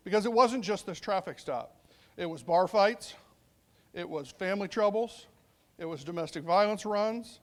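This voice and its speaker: A man's voice: sits high, moderate pace, a bit bright. A middle-aged man, a police sergeant, telling a story in a conversational speech and acting out bits of dialogue. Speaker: police sergeant speaking at a veterans summit.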